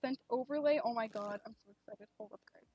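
A young woman streaming a game, chatting casually and rambling with lots of fillers, gushing excitedly at times. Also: a little high, fast talker, breathy edge. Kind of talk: casual live-stream chat. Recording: dull lo-fi stream mic.

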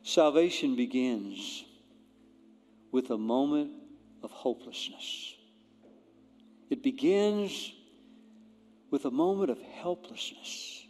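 A man preaching a sermon as pastor, swinging between loud emphatic appeals and hushed, near-whispered storytelling. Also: mid-range voice, animated, slow pace, long pauses. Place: church sanctuary. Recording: long church-hall reverb, faint music.

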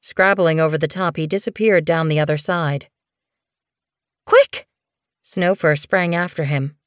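A woman narrates a children's animal novel in a clear, measured way. Her voice sits low for a woman. The studio sound is close and dry. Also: fairly even intonation, dry recording. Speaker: audiobook narrator. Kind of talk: scripted audiobook narration.

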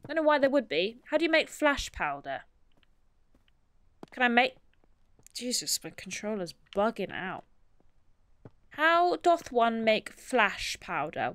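A woman's voice: on the high side, fairly bright tone, smooth, dry recording. A woman streaming a game, chatting casually, self-mocking and reading game text aloud. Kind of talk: casual gameplay commentary.

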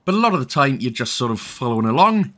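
A man's voice: mid-range voice, very animated, fast, fairly bright tone. A young Welsh man giving casual, jokey, rambling commentary over a game walkthrough. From Wales. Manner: rambling, jokey, self-correcting.

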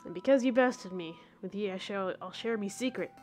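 A woman's voice: medium pitch, brisk, a little mellow, faint music behind, close to an everyday voice. A woman voicing a boastful dead male pirate ghost in a game stream, talking in pirate slang. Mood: swaggering. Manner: pirate slang, rolling gruff delivery.

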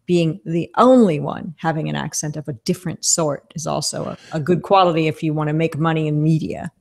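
Woman, neutral American accent, low gravelly voice, casual podcast chat, musing. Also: fairly quick, darkish tone. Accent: General American. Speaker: podcast co-host.

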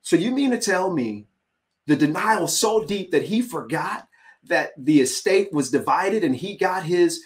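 A man pastor preaching with animated, dramatic energy, his voice sitting fairly high. He thinks aloud, restarting phrases as he drives his points home. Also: a little slow. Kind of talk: sermon in dialogue with co-pastor.

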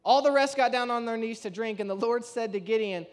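Animated high-voiced male preacher. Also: a little fast, few pauses. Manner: animated storytelling, acts out quoted voices with shifts in pitch and loudness. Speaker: pastor. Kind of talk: sermon.

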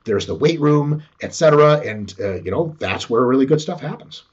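A man's voice: mid-range voice, animated, normal speed, darkish tone, slightly rough, muffled recording. A man as a podcast guest who talks about training, swearing freely and acting out little dialogues. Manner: profane, acts out little dialogues. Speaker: podcast guest, sport scientist. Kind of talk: animated podcast conversation.

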